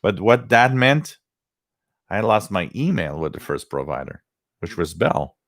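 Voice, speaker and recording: A man talks on his livestream in a loose, rambling way, drifting between stories and shout-outs to viewers. His voice sits on the low side. The sound is dry, with no room around it. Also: very animated, unhurried, no echo. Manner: rambling storytelling, greeting chat viewers by name. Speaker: livestream host. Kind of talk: casual chat.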